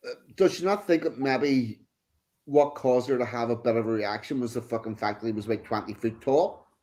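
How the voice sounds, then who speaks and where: A man's voice: medium pitch, moderate pace, a little mellow. Blunt, sweary man hosting a stream. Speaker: stream host. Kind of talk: casual chat, reading out an article with comments.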